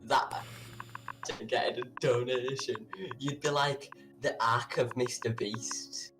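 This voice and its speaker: Man, casual stream banter, eager and teasing, slow speech, game music behind. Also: medium pitch, fairly even intonation. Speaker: co-host reading the chat.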